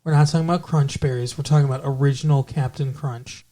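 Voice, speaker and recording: A man co-hosting a podcast, chatting casually and rambling through a show recap, with restarts and quick character voices. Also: medium pitch, steady tone, dark tone. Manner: rambling, self-correcting, puts on character voices. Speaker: podcast co-host.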